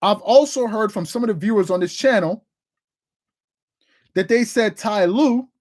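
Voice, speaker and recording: A man's voice: high voice, unhurried. Guy hosting a sports livestream, rambly, keeps repeating himself, voice jumps way up when he gets going. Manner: rambling, repeats himself, reads out chat comments; animated, voice jumps up when excited. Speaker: sports talk livestream host. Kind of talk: casual livestream chat.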